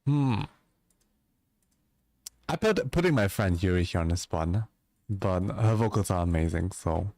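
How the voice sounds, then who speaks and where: A man's voice: low voice, animated, measured pace, long pauses, darkish tone, no room sound, studio quality. A man chatting casually with viewers as a livestream host, joking around.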